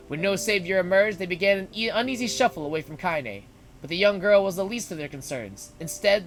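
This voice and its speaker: High, bright-voiced male storyteller. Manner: narrates, breaks in with joking asides. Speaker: streamer. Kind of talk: dramatic read-aloud of a story on stream.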